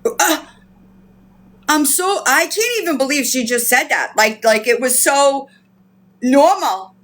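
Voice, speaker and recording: A woman's voice: high-pitched, expressive, slow, a bit bright. A woman livestreaming who rants with outrage, swears often and repeats herself, greeting viewers by name. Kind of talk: casual livestream rant.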